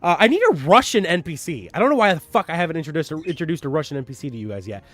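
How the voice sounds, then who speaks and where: Talking very fast in a fairly high voice, a man running a streamed tabletop game as DM welcomes chat and goes over the story. He's animated and rambling, and he repeats himself.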